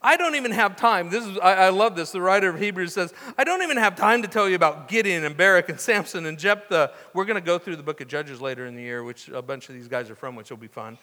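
A man's voice: high voice, expressive, fast, few pauses, bright, forceful tone, big-room sound. A man preaching a sermon in a conversational way, with restarts and asides as he reads scripture. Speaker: pastor.

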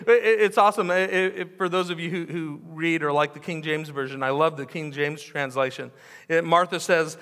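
Animated pastor preaching in a reverberant hall. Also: male voice, a little high, moderate pace. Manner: animated storytelling, repeats phrases for emphasis, drops to hushed tones. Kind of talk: sermon. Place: church sanctuary.

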